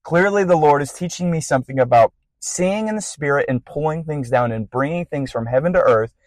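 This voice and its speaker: A young man hosting a podcast, telling a personal faith testimony in a casual, rambling way with bursts of excitement. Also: a little high, fairly quick, no room sound, rough recording. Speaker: podcast host.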